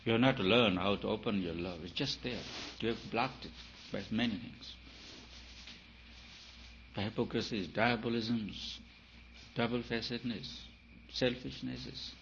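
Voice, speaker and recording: A male spiritual teacher, voice on the low side, talks at a measured pace with long pauses, speaking emphatically and raising rhetorical questions. His volume moves between loud and soft. The recording is dull and lo-fi with a faint hiss.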